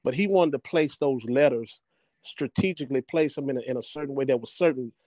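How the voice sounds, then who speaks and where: A man speaking in an interview with admiration, repeating phrases as he goes. His voice sits at a middle pitch and sounds dry and close. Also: brisk, dark tone, no room sound. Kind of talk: reflective interview recollection.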